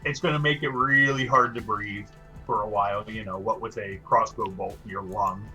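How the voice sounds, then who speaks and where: A man's voice: fairly low pitch, steady tone, moderate pace, sharp tone, faint music behind. A man narrating as game master of a tabletop game, often stumbling and repeating words as he describes the action.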